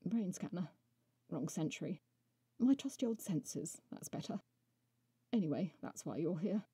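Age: adult. Woman voicing a slow, teasing male horse-beast. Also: on the low side, lively intonation, dark tone, breathy edge, no echo, exaggerated voice. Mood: drawling, mocking. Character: deep-voiced male horse-like winged beast, mocking.

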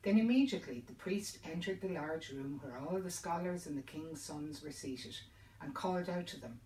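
A woman's voice: sits low, moderate pace, dark tone, slight background noise. A woman, reading a folk tale aloud in a dramatic, lilting storytelling manner. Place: indoors by a fireside. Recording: roomy sound, distant mic, faint ambience.

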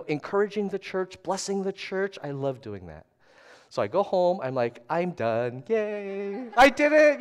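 A middle-aged man giving a storytelling sermon at a church service, chatty and self-deprecating, shifting between hushed asides and loud animated bursts. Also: a little high. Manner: conversational, self-deprecating, often asks "right?". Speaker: guest preacher.

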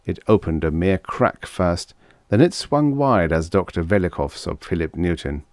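A male audiobook narrator with a very low, deep voice, reading a vintage science fiction story. His delivery is even and measured. The recording is dry and close. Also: no echo. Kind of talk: scripted narration.

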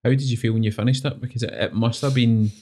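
A man's voice: medium pitch, steady tone, fast, warm tone. A man hosting a podcast, asking short supportive questions. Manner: supportive, brief backchannels. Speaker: podcast host.

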